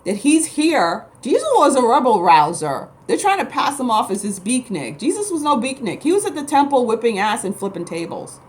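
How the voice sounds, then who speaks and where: A woman's voice: on the high side, very animated, moderate pace, hardly any pauses. A woman from New York City, a spiritual vlogger who talks to camera in a blunt, emphatic, rambling way. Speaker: spiritual vlogger and Reiki practitioner. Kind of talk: casual rambling monologue to camera.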